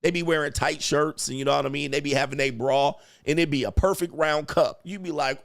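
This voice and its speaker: Gravelly man riffing crudely to his chat. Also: fairly high pitch, brisk, hardly any pauses. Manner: animated slang-heavy storytelling, acting out quotes. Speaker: podcast host.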